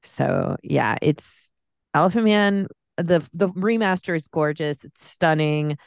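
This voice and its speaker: A woman's voice: deep voice, slow pace, creaky, no echo, clean studio sound. A woman guest on a podcast, chatting casually and with feeling about a film, rambling and restarting her sentences. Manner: rambling, heartfelt, many restarts.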